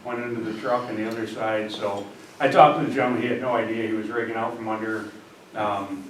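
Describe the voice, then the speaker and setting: A man giving a report at a village board meeting, halting with many ums and restarts. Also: lowish voice, steady tone. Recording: echoey room from far off, background noise.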